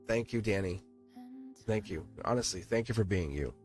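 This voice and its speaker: A man's voice: fairly low pitch, expressive, moderate pace, a little mellow, soft background music. A man reading tarot on a live stream. He talks to his viewers in an earnest, encouraging way, repeats words and restarts his sentences, and swears now and then.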